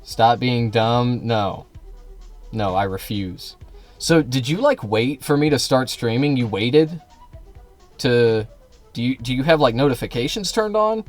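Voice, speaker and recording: A man's voice: medium pitch, lively intonation, a little slow, pauses often, faint music behind. A man streaming live, arguing with his chat in a combative, sarcastic, profane way. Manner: sarcastic, mocking. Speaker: livestreamer.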